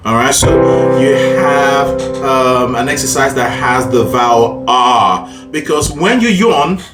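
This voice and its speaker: A man's voice: mid-range voice, animated, slow pace. A man coaching a student through a singing lesson, upbeat and encouraging, often checking in with "okay?" and "right?". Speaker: vocal coach. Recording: echoey room, mic at a distance, faint music.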